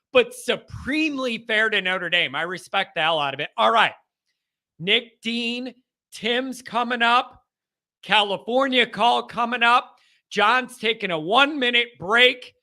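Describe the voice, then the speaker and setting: A man hosting a live call-in football talk show, chatting with callers and breaking into excited shouting rants. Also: high voice.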